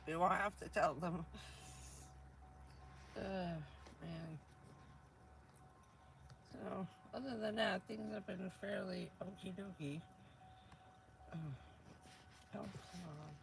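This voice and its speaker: A woman with a hoarse, stuffy voice from a cold, chatting casually on a vanlife livestream from her van, laughing often and answering her viewers. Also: medium pitch, slow, pauses often, noisy background. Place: inside a camper van.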